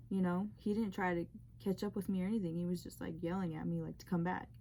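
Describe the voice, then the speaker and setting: A woman's voice: lowish voice, fairly even intonation, quick pace, vocal fry, warm tone, slight background noise. A young woman telling a personal dream story in a rambling, emotional way, with many fillers. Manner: rambling, heavy use of "like". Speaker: vlogger sharing a testimony.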